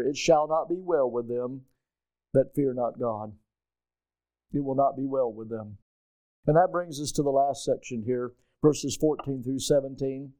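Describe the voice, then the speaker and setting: A man preaching a sermon, reading scripture and telling a lively childhood story, acting out the voices of people in it. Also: a little high, no room sound, low-quality recording. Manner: storytelling, animated, acts out quoted voices. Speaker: pastor.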